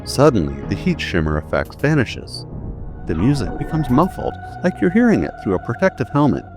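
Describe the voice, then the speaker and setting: A man's voice: mid-range voice, huge pitch swings, fairly quick. A man giving a scripted video essay narration, emphatic and building to punchy statements. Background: faint background music.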